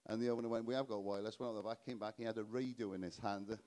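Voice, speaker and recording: A man's voice: fairly low pitch, steady tone, fast, warm tone. A man from South Wales with a South Welsh accent, doing a chatty, self-mocking stand-up comedy set live on stage. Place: live stage before an audience.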